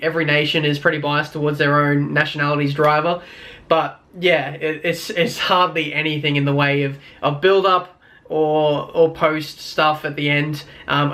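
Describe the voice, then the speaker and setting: A man's voice: a little high, sharp tone. A young Australian man with an Australian accent ranting casually in a vlog, rambling with many fillers and wry complaints. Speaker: YouTuber.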